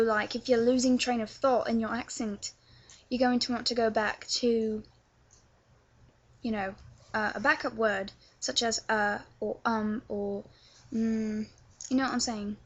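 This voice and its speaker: Through dull audio comes a slightly high, husky voice from a young woman from England. She teaches accents as a vlogger, chatting casually through her tutorial in a London accent with plenty of filler words.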